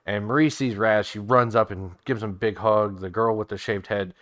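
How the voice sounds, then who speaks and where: Low-voiced man running a tabletop game. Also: fairly even intonation, fairly bright tone, no echo, clean studio sound. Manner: casual, halting with fillers and restarts. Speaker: game master.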